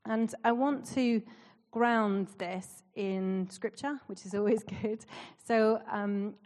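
A woman's voice: medium pitch, steady tone, takes it slowly, darkish tone. A woman in her forties from Canada, a church leader giving a casual, self-deprecating sermon with frequent ums and small laughs. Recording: reverberant hall.

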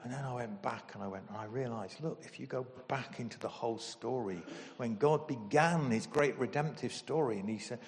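Emotional pastor in a reverberant hall. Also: male voice, mid-range voice, fairly quick, few pauses. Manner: emotional, animated storytelling with sudden loud bursts. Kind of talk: sermon.

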